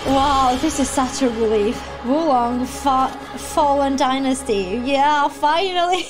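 Female game streamer, very high voice, slow and lively, excitable and loud-mouthed. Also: faint music behind. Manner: excitable, shouting and swearing. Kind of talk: live gameplay reaction.

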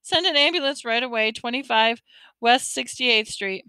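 A woman putting on a frantic mother, raised and pleading in a storybook reading. The voice stays bright and clear. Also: fairly high pitch, moderate pace, dry recording, pitched above the performer's own voice. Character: frantic mother of a toddler, panicked.

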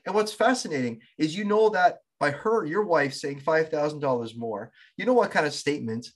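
A man hosting a podcast, with a slightly high voice. He speaks in a reflective, affirming way and muses philosophically on what his guest has said. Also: lively intonation, normal speed. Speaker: podcast host. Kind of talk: interview conversation.

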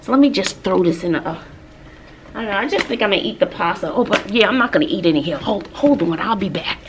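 A woman's voice: medium pitch, fast, noisy background. A woman, chatting casually in a vlog. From Texas, USA. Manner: chatty, animated storytelling with asides. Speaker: vlogger and teacher.

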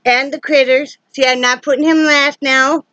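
A woman's voice: high-pitched, steady tone, normal speed, pushed and bright, no echo, dull audio. A middle-aged woman chatting casually to camera from her home, homey and talkative, filmed on a camera set up on a ring light. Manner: chatty and homey, with laughs and asides. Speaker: vlogger. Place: home, indoors. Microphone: phone or camera on a ring light.

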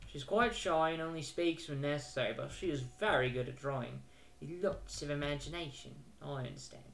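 A man's voice: a little high, moderate pace, gravelly, fairly bright tone. A man voicing a polite orphanage staff member in a put-on British accent. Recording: roomy with faint noise.

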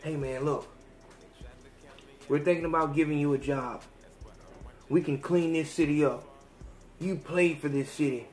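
A man voicing a smooth-talking police officer who quietly coaxes a suspect. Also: close to an everyday voice. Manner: low, quiet, coaxing. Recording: roomy echo.

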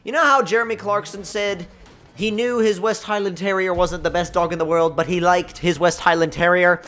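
A man giving excitable, jokey, rambling commentary while playing a racing game. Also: sits high, a little hiss or hum. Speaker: gaming channel host. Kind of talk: gameplay commentary.

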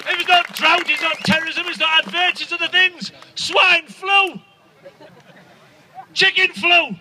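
A man doing stand-up to an outdoor protest crowd, ranting loudly and swearing, shouting his punchlines. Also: extremely high pitch, measured pace, very noisy. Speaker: stand-up comedian.

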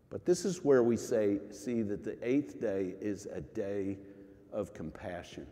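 A man preaching a sermon as pastor, earnest and emphatic, swinging from loud rises to quiet drops. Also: lowish voice, a little slow. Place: church sanctuary. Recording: church sanctuary with long reverb.

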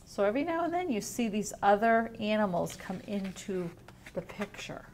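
A woman teacher reading a picture book aloud to young children, drawing out the words and pausing to ask them questions. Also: medium pitch, big pitch swings. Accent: New England. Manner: gentle, drawn-out reading, asks children questions. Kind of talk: storybook read-aloud lesson. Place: at home.

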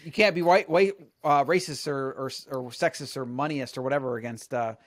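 A man's voice: mid-range voice, fairly quick, dry recording. A man hosting a podcast, telling stories in a boastful, rambling way, full of restarts. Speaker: podcast host. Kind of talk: casual chat.

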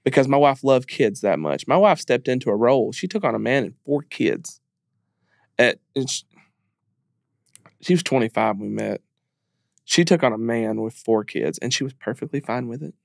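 A man's voice: mid-range voice, lively intonation, moderate pace, creaky, pauses often, dry recording, clean studio sound. A man speaking as a podcast guest in a candid interview, earnest and emphatic, repeating phrases as he talks openly about grief.

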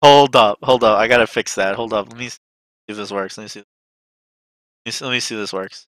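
A man's voice: on the low side, quick pace, a bit bright, dry recording. A man streaming a video game, chatting casually, ranting and swearing a lot. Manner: profane ranting, swearing often. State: panicked.

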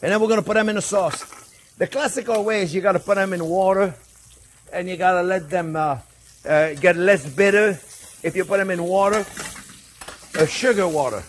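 His voice sits high, and he moves at a moderate pace with frequent pauses. He's a male chef hosting a kitchen cooking demonstration, chatty and jokey, treating the viewers as his friends while a pan sizzles faintly nearby.

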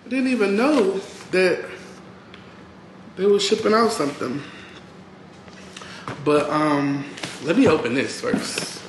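A man chatting casually to his viewers in a home vlog, talking to them as y'all and full of quick asides. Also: high-pitched, a little hiss or hum. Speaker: vlogger. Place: at home, kitchen.

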